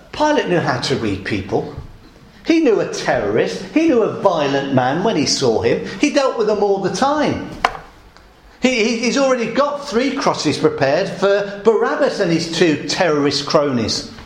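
Guy preaching a sermon, bit high voice, big swings in tone, echoey hall sound. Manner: dramatic, acts out quoted lines. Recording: echoey room.

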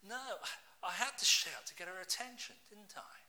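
A man's voice: high voice, a little fast. A middle-aged British man preaching a sermon, telling personal stories and asking his listeners rhetorical questions. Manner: lively storytelling, asks the congregation rhetorical questions.

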